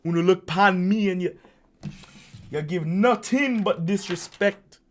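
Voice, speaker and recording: A man's voice: high-pitched, measured pace, pitched above the performer's own voice. A man voicing a brash, mock-offended Jamaican man in a jokey drawling put-on patois.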